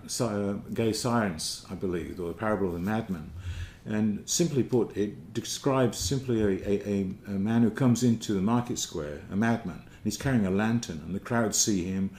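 A man with a lowish, slightly mellow voice gives an informal, thoughtful talk on theology, searching for words as he goes. The recording has a roomy echo and a little hiss or hum.

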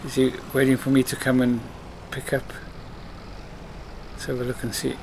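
A man's voice: medium pitch, monotone, moderate pace, a little hiss or hum. A man giving casual commentary while playing a farming game, chatting to himself and scolding the computer-driven workers. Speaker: let's play host.

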